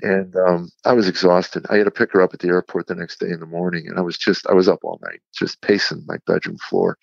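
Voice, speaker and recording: A man, a comedian guest on an interview show, telling a candid personal story in a halting, reflective way with frequent restarts. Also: low voice, gravelly, no echo. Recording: dull lo-fi sound.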